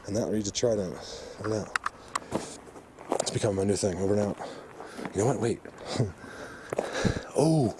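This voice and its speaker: Rambling excitable man, low voice. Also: brisk, long pauses, a little hiss or hum. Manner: rambling and excitable, many fillers and restarts. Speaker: vlog host exploring the outdoors. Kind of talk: casual walking vlog commentary. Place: outdoors in high mountain forest.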